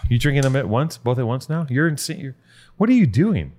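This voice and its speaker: A man's voice: medium pitch, sing-song, brisk, a little mellow. Rambling, profane man riffing. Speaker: podcast host. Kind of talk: casual comedic chat.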